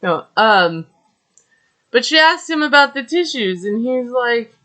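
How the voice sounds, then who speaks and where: A woman's voice: a little high, sing-song, unhurried, bright, forceful tone. A woman recapping a reality TV episode in a chatty, gossipy way, with many fillers and wry asides. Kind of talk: casual recap commentary.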